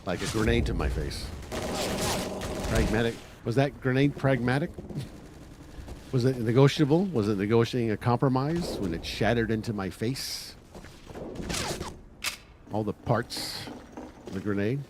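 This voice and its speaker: A man's voice: mid-range voice, expressive, measured pace, pauses often. A man hosting a livestream, delivering a blunt, combative political monologue with frequent profanity. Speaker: livestream host. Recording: noisy livestream audio.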